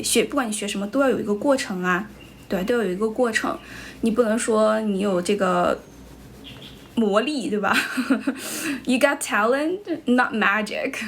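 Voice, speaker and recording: A woman's voice: on the high side, slight background noise. A young woman from China with a Chinese accent, an English teacher livestreaming casual chat, answering viewers' comments, switching between English and Chinese, and blunt with rude viewers.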